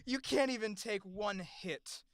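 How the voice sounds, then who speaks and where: A voice actor playing a cruel, gloating sword-wielding villain who taunts with shouts and maniacal laughter, in an audition clip. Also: mid-range voice, measured pace, no echo. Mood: cruel taunting.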